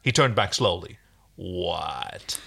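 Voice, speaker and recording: Bright, lively man reading a story. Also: medium pitch, brisk. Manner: animated, joking asides. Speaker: reader. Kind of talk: reading fan fiction aloud.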